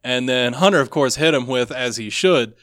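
A man's voice: medium pitch, moderate pace, a bit bright, no echo, clean studio sound. Laid-back male podcast co-host. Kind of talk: casual chat.

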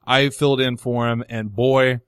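A male radio host talking in a loose, rambling way, often running himself down. His voice sits at a middle pitch. The studio sound is dry and close. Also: little pitch movement, moderate pace, clear, resonant tone, no echo. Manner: rambling, self-deprecating storyteller. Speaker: radio talk show host. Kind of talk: casual radio show chat.

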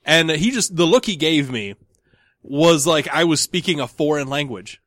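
A man's voice: a little high, animated, moderate pace, a bit bright, no echo, clean studio sound. A man hosting a podcast, chatting casually and telling a long rambling story with many restarts. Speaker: podcast host. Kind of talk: casual chat.

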